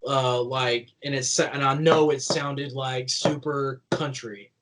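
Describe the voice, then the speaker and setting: A man's voice: mid-range voice, fairly even intonation, takes it slowly, a bit bright, poor audio. A young man from Kentucky with a light country twang, telling stories as a guest in a casual interview, rambling with lots of "like". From Kentucky, USA. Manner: rambling and chatty, full of "like", laughing while telling stories. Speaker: guest, professional wrestler.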